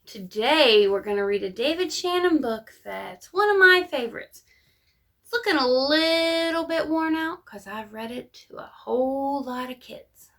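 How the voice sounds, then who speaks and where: A woman teacher reading a picture book aloud to children in an animated, expressive way. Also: high voice, a little slow, reverberant.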